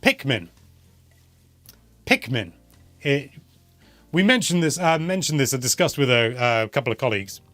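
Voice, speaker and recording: A man's voice: medium pitch, big pitch swings, moderate pace, long pauses, a bit bright, dry recording, faint music behind. A young man hosting a casual live question-and-answer stream, chatty and rambling, often correcting himself mid-sentence. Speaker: host answering viewer questions.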